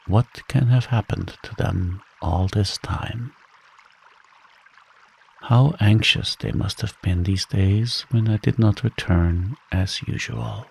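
A man voicing an earnest, dutiful young fisherman in a calm, slow bedtime story reading. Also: on the low side, vocal fry, husky, full character voice. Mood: worried.

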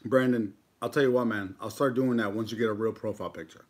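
A man's voice: lowish voice, steady tone, fast talker. A man in his thirties from the United States, chatting casually and joking while eating on a live stream, swearing freely. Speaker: mukbang YouTuber.

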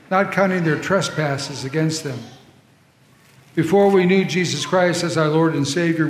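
A male pastor preaching a sermon in a church, conversational, with asides to the congregation. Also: on the high side. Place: large church sanctuary. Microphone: troublesome handheld or body mic. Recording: echoey church hall with long reverb.

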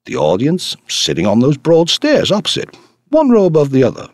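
A man reading the part of a rough but kindly Canadian farmer in a storybook, with boisterous, eager talk. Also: lowish voice, wildly swooping pitch, measured pace, no room sound, full character voice. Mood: jovial.

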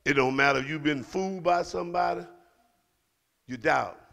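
High gravelly preacher man. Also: normal speed. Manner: preaching with rising shouts and calls to the congregation. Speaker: pastor. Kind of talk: sermon. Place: church sanctuary.

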